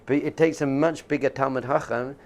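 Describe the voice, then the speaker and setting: A man's voice: medium pitch, steady tone, brisk, a little mellow. A man teaching as a rabbi in an informal class, conversational and jokey, often laughing and acting out quotes.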